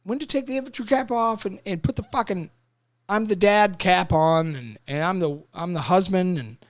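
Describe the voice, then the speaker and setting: A man's voice: high voice, moderate pace, no room sound. A man in his thirties, a Marine veteran and podcast host, talking casually and emotionally, swearing a lot and acting out little scenes. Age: 30s. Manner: emotional, profane, animated storytelling. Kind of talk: casual chat.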